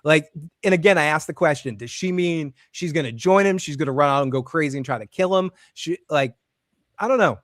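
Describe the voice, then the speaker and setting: A man co-hosting a casual TV recap, excitable, laughing often and acting out characters' lines. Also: a little high, a little fast, no room sound, studio quality. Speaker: podcast co-host.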